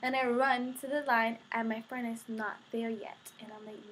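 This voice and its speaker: A teenage girl vlogging, telling an excited story to camera in a gushing, breathless way full of "like" and quoted reactions. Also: fairly high pitch, fairly quick, hardly any pauses, a little hiss or hum.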